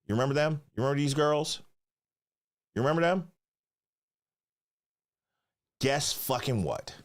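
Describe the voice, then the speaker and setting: A man hosting his channel, talking through video clips in loose, excitable commentary full of swearing and questions to the viewers. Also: medium pitch, a little fast. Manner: excitable, profane, keeps asking viewers to remember. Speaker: channel host reacting to clips.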